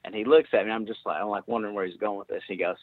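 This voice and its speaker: A man's voice: lowish voice, fairly even intonation, very fast, no echo. A man with a Kentucky accent telling a story in a casual podcast chat, rambling and laughing as he goes. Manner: rambling, laughing, repeats words. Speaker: podcast co-host, guest. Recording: dry tinny phone-like line.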